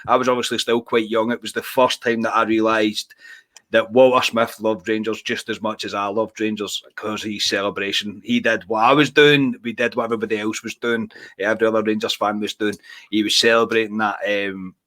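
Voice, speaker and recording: A young Scottish man hosting a casual podcast chat, earnest and steady, calling his co-hosts "mate". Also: on the low side, a little fast. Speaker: podcast host.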